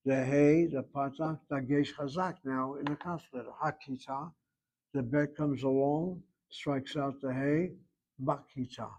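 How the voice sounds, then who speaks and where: Older male teacher, patient step-by-step grammar explainer, mid-pitched. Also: darkish tone. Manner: patient, step-by-step, repeats Hebrew words slowly. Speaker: Hebrew teacher.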